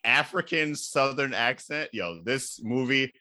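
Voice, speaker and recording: A man casually recapping a movie for a comedy podcast, animated and laughing, with sudden high-pitched outbursts. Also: a little slow, dry recording, clean studio sound.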